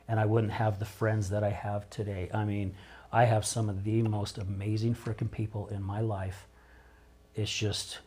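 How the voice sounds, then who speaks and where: Low-voiced middle-aged man, candid and emotional. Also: a little mellow, breathy edge. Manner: emotional, open, rambling with repeated starts. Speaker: podcast guest, recovery coach. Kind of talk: candid interview conversation.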